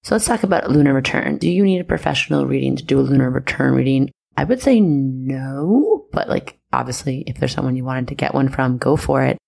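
A woman's voice: rumbling low, fairly quick, creaky, few pauses, darkish tone. A woman hosting her own spiritual podcast, talking in a loose, chatty way with lots of fillers. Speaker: podcast host. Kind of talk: casual spiritual podcast monologue.

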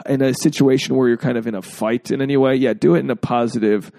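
Joking male podcast host with a gravelly voice. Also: mid-range voice, steady tone, fast talker, warm tone, no room sound. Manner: joking, acts out quotes in exaggerated voices. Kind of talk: casual podcast chat.

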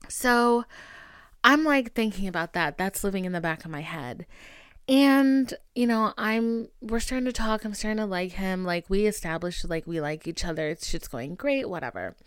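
Young female podcast host, casual and animated, acts out dialogue; dry, close sound. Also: medium pitch, moderate pace, clear, resonant tone, no room sound. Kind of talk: casual chat.

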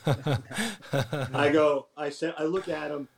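A man's voice: a little high, slow, vocal fry. A man in his sixties, a retired general guest, telling casual stories with restarts and mild swearing. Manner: animated, profane anecdotes with restarts. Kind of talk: casual storytelling.

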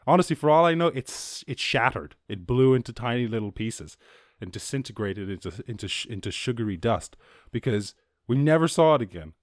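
A young Irish man hosting a casual solo podcast, rambling and swearing freely, acting out quotes in a higher voice. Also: expressive, fairly quick, no echo, studio quality. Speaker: podcast host.

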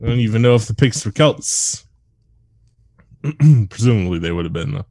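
Low-voiced sarcastic man in dry sound. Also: expressive, moderate pace, dark tone, no echo. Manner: sarcastic, profane, laughs often. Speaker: podcast co-host. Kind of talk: casual chat.

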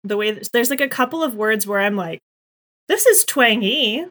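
A woman co-hosting a fan podcast, chatting excitedly with lots of "like" fillers. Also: mid-range voice, fast. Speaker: podcast co-host. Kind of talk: casual chat.

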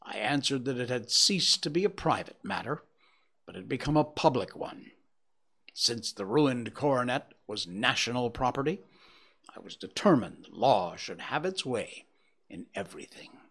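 Expressive male storyteller. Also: medium pitch, moderate pace, breathy edge. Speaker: audiobook narrator. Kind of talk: dramatic storytelling reading.

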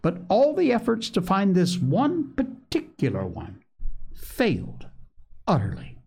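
Male storyteller, slightly high voice, very lively intonation, storybook narration. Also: measured pace, creaky, slightly rough. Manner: expressive, animated reading. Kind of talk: storybook read-aloud narration.

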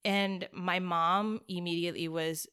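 A young woman guest telling a personal story in a chatty, casual way, full of "like" and quick laughs. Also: fairly low pitch, fairly even intonation, fairly bright tone, smooth. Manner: chatty, peppered with "like", laughs often.

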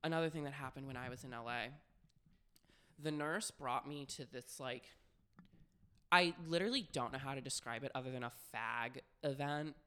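A man's voice: medium pitch, normal speed, a bit bright, smooth. A young man co-hosting a podcast, telling frank, profane stories in casual chat with constant "like" fillers. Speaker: podcast co-host.

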